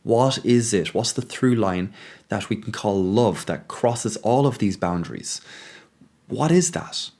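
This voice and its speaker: Low-voiced man musing aloud. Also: lively intonation, unhurried, a little mellow. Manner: musing, thinks aloud with frequent ums and restarts. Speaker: podcast host. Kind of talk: reflective monologue.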